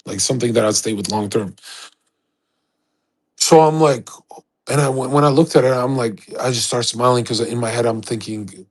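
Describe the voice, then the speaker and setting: A man's voice: lowish voice, fairly even intonation, fairly quick, slightly rough. A man livestreaming, telling a rambling, profane, boastful story in a casual way.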